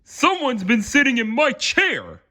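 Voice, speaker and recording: A big, alarmed father bear from a storybook, blustering and exclaiming in a raised, bright voice, as a man acts him out. He speaks slowly. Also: extremely high pitch, wildly swooping pitch, voice pushed up, full character voice.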